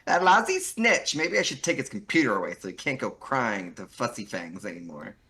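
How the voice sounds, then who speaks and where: A man's voice: mid-range voice, very animated, moderate pace, sharp tone, a little hiss or hum. A man reading a brash, smug teenage troll girl from a webcomic aloud, with a mocking, scornful delivery. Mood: defensive.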